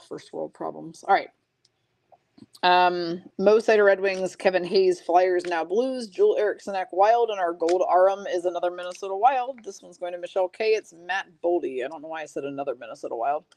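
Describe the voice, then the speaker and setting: A woman's voice: on the low side, normal speed, darkish tone, no echo. A woman hosting a live card-opening stream, chatting casually, reading viewer comments aloud and laughing often.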